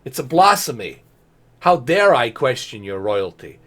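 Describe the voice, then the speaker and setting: Exasperated ranting man, lively pitch. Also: measured pace. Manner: sarcastic, exasperated, animated ranting. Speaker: gaming commentator. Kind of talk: ranting commentary vlog.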